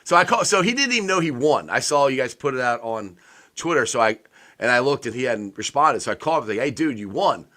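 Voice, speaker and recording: A man's voice: medium pitch, fast talker. A man co-hosting a casual sports podcast, telling stories with lots of laughter and acted-out quotes. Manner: animated storyteller, laughs often, acts out quotes. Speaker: podcast co-host.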